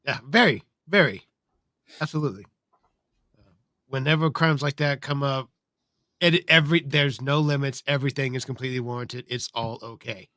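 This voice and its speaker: Deadpan agreeable man on a podcast. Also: medium pitch, moderate pace, long pauses, no echo. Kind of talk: casual podcast chat.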